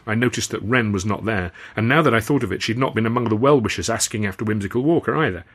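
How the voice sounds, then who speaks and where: A man reads his own novel aloud in the first person, measured and wry. His voice sits fairly low with a husky grain. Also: fairly bright tone. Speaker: author and narrator. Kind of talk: first-person audiobook narration.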